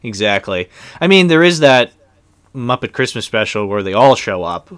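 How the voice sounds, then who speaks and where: A man's voice: medium pitch, sing-song, normal speed, a bit bright, clean tone, no echo. A young man co-hosting a casual movie commentary, talking in a loose, rambling way with lots of fillers. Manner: rambling, loose, with many fillers and trailing sentences.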